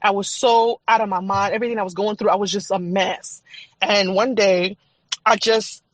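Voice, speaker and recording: A woman's voice: medium pitch, fairly even intonation, normal speed, no echo. A woman guest on a podcast, telling her personal faith testimony in an emphatic, repetitive, testifying way.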